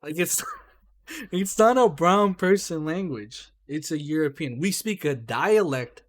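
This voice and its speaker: Heated, animated man talking fast. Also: a little high. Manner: heated, animated, swears, says "right?" and "bro". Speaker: podcast co-host. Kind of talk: casual chat.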